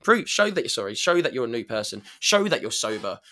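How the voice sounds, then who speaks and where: A man's voice: medium pitch, very animated, fast talker, bright, forceful tone. A man on a podcast, talking candidly in a rambling, self-correcting way. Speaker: podcast guest. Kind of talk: casual chat.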